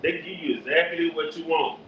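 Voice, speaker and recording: A man preaching forcefully on the street, teaching from scripture and directing a reader. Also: fairly high pitch, a little fast. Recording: echoey, distant, dull lo-fi with faint noise.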